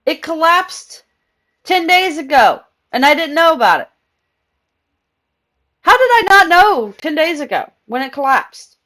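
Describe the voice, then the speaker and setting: A woman's voice: high-pitched, sing-song, a little slow, pauses often, fairly bright tone. A young woman chatting casually on a live game stream, rambling through a story and laughing often. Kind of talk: casual live-stream chat while gaming.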